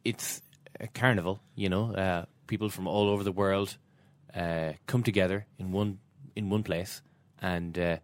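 A man co-hosting, talking in a relaxed, reflective way with plenty of fillers. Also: low voice, normal speed, no echo. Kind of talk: casual chat.

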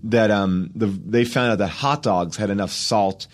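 A man with a fairly low voice tells anecdotes as a podcast guest. He is animated and acts out the dialogue, slipping into other people's voices. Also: measured pace. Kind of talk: casual anecdote telling.

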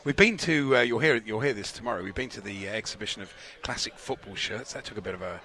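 Male co-host, rapid banter, bright voice, laughs a lot. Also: fairly low pitch. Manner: quick, chatty banter, laughs often. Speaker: radio co-host. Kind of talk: casual chat.

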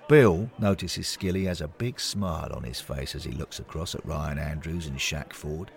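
A man narrating a scripted story in an unhurried, expressive way. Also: a bass voice, gravelly.

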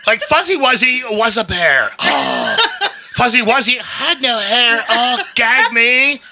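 A man's voice: very high voice, very animated, takes it slowly, vocal fry, full character voice. A man voicing a ditzy young valley girl in a mock Valley Girl accent, drawling and giggly. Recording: noisy recording.

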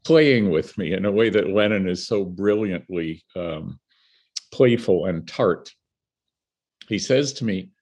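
A man's voice: low-pitched, takes it slowly, breathy edge. An older man from Canada, a guest telling vivid stories in conversation and laughing between them. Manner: animated, vivid storyteller who laughs between anecdotes. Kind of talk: storytelling in conversation.

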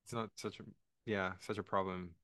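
A man's voice: low voice, level tone, normal speed, a crowd in the background. A man in casual podcast chat, criticizing with frequent restarts and hesitations.

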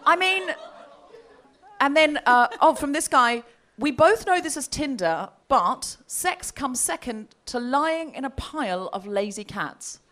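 Bright, animated woman telling a comedy story. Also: high-pitched, a little slow. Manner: animated, laughing, quoting messages in mock voices. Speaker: podcast co-host telling a story. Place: live comedy festival show.

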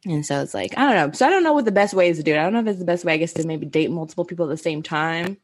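Woman, thirties, casual podcast co-host, low pitch, rambling, filler words. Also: racing. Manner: rambling, heavy "like" filler, frequent laughter. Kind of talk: casual chat.

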